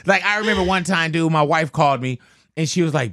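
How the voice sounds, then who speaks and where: A man's voice: on the high side, fast talker, sharp tone, no echo. A middle-aged man hosting a casual studio interview, telling stories with slang in a laid-back way. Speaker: radio host.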